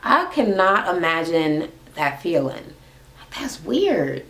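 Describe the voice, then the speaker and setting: A woman's voice: on the low side, takes it slowly, creaky. A young woman ranting casually and sassily as she recaps a reality TV episode, with plenty of swearing. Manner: sassy, profane, animated. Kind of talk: casual rant.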